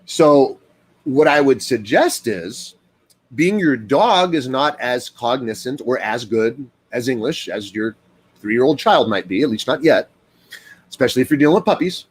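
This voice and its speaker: With an expressive, slightly rough voice and an unhurried pace, this dog trainer talks on and on in a loose, casual way. He leans on fillers and mimics quoted people by raising his voice.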